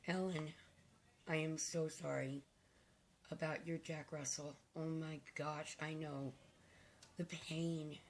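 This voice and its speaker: An older woman with a low, hoarse voice that has almost given out, rasping through a slow, meandering vlog at home. She talks to camera casually and from the heart, with hesitant ums as she goes, and a faint hiss sits under her. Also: a little mellow. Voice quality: raspy. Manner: rambling and heartfelt, with hesitant fillers. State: hoarse, nearly lost voice. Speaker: vlogger.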